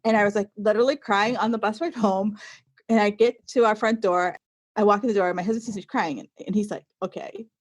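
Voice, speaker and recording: A woman in her forties, a podcast guest, telling a personal story in an animated way and acting out what people said. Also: a little high, no room sound. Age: 40s. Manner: animated storyteller, acts out quotes. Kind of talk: casual podcast interview.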